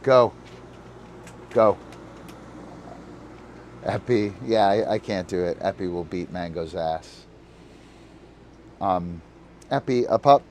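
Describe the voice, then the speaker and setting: A man's voice: low voice, unhurried, pauses often, a little mellow, slight background noise. A man hosting a live disc dog coaching stream. He explains moves with many fillers and breaks off to talk to his dog. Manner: rambling, full of fillers, talks to his dog between explanations.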